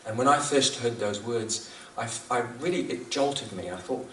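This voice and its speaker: Sharing spiritual teachings in a reflective way, a New Zealander with a medium, fairly bright voice speaks at a normal pace with few pauses. He's earnest, repeats himself, and laughs at his own jokes. The room echoes, he sits far from the mic, and there's slight background noise.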